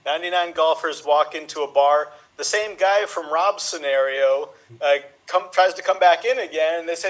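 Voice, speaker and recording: A man with a notably high voice telling improvised jokes. He stumbles through each setup with fillers, then leaps higher for the quoted lines. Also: normal speed, fairly bright tone, low-quality recording. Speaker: improv player.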